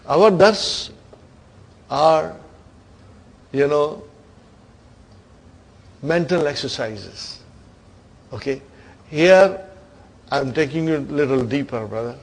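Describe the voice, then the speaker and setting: A man teaching an Arabic grammar lesson to students, coaxing them along, stretching key words and trailing off softly at the ends of phrases. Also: on the high side, lively intonation, slow pace, creaky, pauses often, rough recording. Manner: coaxing, keeps asking "are you with me, brother?".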